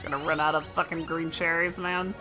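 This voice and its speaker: A young woman streaming a game with relaxed, wry commentary, reading the dialogue aloud as she plays. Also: sits low, brisk, over music. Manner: relaxed, wry asides with swearing.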